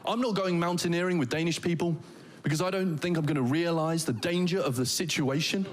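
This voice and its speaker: A man's voice: a little high, a little fast. A man doing a stand-up comedy set with a wry, playful, mock-posh delivery, recorded on stage.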